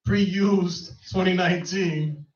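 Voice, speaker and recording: A man's voice: high voice, steady tone, takes it slowly, very noisy. A man doing a stand-up set on a comedy club stage, loose and laughing at his own jokes. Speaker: stand-up comic. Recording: echoey room, far from mic, dull.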